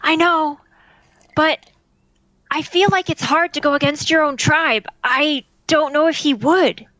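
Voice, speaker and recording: A woman's voice: high-pitched, a little slow, pushed and bright, dry recording, rough recording. A woman player in a tabletop game, speaking carefully and raising questions.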